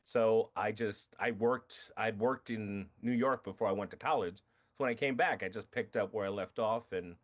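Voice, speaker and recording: A man's voice: on the low side, normal speed. A man talking as the guest in an interview, telling stories frankly and acting out what others said to him. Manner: storytelling, quotes others in lively voices, frank. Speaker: film director guest. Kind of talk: casual interview conversation.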